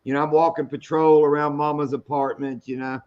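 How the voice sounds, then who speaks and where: This middle-aged man's voice is fairly high and level in tone, and he talks briskly. Hosting his fishing show live in lo-fi sound, he chats casually and tells stories in a folksy, salty style.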